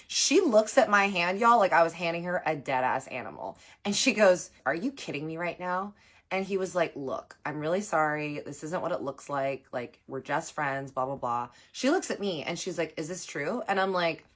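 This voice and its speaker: A young adult woman telling a storytime to her viewers in a casual, animated way, acting out what others said. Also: fairly low pitch. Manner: animated, acts out quoted voices. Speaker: storytime vlogger.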